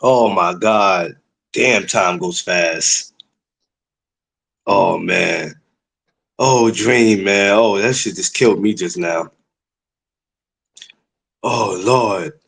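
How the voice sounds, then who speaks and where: A man co-hosting a casual chat who reacts with exclamations and loud laughter. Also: deep voice, very slow, gravelly, pauses often, slightly rough.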